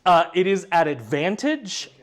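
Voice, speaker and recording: A man narrating a tabletop game as game master, animated, with many fillers and laughs. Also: high-pitched, unhurried.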